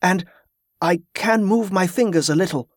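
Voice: medium pitch, moderate pace, no echo, clean studio sound, pitched above the performer's own voice, close to an everyday voice. An audiobook narrator voicing a polite young man who stammers when startled. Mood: earnest.

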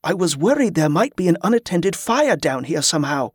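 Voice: medium pitch, sing-song, a little fast, breathy edge, no room sound, studio quality. Narrator voicing a polite, startled young man. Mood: earnest. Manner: stammering, polite.

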